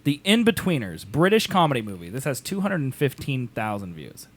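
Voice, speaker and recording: A man's voice: medium pitch, big pitch swings, fairly quick, faint music behind. A man co-hosting a podcast in casual chat, teasing his friend and laughing often. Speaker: podcast co-host.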